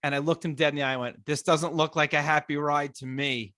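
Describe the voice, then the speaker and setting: A young man co-hosting a podcast, telling jokey stories in casual chat with playful, animated delivery. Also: a little high, brisk, dry recording, clean studio sound. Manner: animated storyteller, playful put-on voices. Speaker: podcast co-host.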